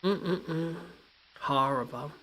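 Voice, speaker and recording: A woman's voice: sits low, very slow, over music. A woman hosting a live reaction stream, sassy and exclaiming, calling her viewers honey and y'all. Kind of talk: casual live commentary.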